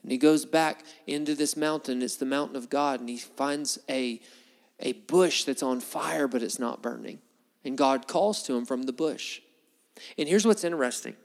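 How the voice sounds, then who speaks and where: A man's voice: moderate pace, big-room sound. A man preaching a sermon, retelling Bible stories and acting out the dialogue in changing voices. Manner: storytelling, acts out biblical dialogue with shifting pitch.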